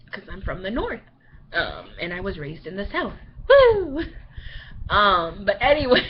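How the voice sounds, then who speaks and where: A woman's voice: lowish voice, slight background noise. A young woman from Baltimore chatting casually to her webcam, rambling with lots of "like"s and laughs. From Baltimore, Maryland. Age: young adult. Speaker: vlogger. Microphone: built-in webcam mic. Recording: dull lo-fi webcam audio.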